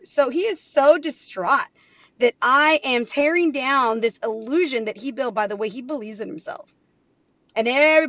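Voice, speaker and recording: Animated woman venting, dull dry sound. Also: a little high, dry recording. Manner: animated, acts out both sides of arguments. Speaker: podcast host. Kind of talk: casual monologue.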